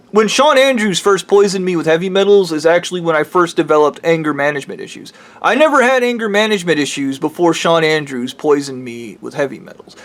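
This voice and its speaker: A man ranting heatedly in a rambling, profane vlog monologue. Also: on the high side. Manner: heated, rambling, swears freely. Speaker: vlogger.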